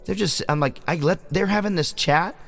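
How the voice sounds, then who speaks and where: A man's voice: high voice, normal speed, gravelly, a bit bright. A man hosting a casual interview show, telling rambling stories and swearing freely. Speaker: podcast host. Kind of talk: casual chat.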